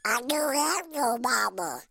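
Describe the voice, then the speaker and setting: A man in his nineties voicing a small, helpless cartoon duckling with a high, squeaky, quacking voice. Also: animated, measured pace, vocal fry, sharp tone, breathy edge, full character voice. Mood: pleading. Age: 90s. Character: tiny helpless cartoon duckling, lost and pleading.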